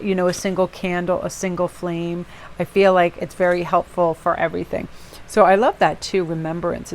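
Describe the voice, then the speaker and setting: A woman giving a casual tarot reading to viewers, chatty and rambling, with personal asides and many "you know"s. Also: on the low side. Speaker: tarot reader.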